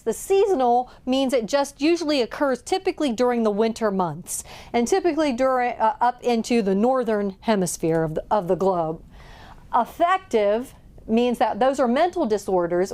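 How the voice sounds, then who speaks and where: Woman teacher explaining a health topic step by step, kinda high voice. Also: darkish tone. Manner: plain, methodical explaining. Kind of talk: classroom lesson explanation.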